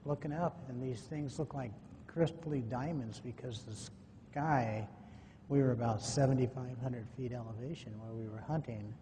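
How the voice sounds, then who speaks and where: A man's voice: normal speed, mellow. A man speaking at a conference, telling a personal story in a folksy way and acting out the dialogue as he goes. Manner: folksy, acts out quoted dialogue. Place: conference hall. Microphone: microphone at a podium or in hand. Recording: echoey hall, faint noise, low-quality 2009 recording.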